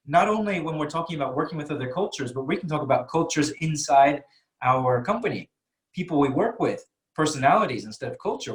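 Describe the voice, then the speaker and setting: A man teaching a live webinar lesson, talking conversationally with many fillers and putting questions to his audience. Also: medium pitch. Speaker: English teacher.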